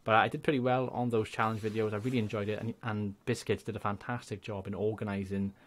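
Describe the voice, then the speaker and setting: A young man with a Welsh accent, a gaming YouTuber chatting casually and rambling through channel shout-outs. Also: on the low side, little pitch movement, fast. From Wales. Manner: chatty, rambling, laughs often.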